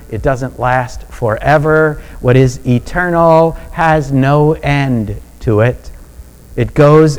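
A man preaching a sermon in a measured, deliberate way that builds to emphatic peaks. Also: mid-range voice, smooth, poor audio. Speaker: pastor.

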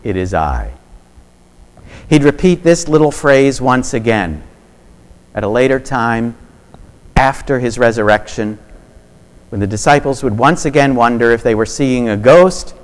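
A man preaching a sermon, reflective and varying his loudness for emphasis. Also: medium pitch, moderate pace, clear, resonant tone.

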